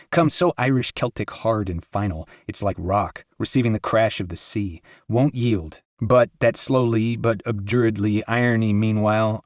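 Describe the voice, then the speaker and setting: Low-voiced man reading an audiobook. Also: no room sound, clean studio sound. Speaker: audiobook narrator. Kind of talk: scripted narration.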